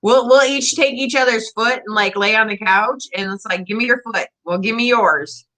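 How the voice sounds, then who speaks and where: A woman chatting casually as a guest in a relaxed, easygoing way. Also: fairly high pitch, normal speed. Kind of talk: casual chat.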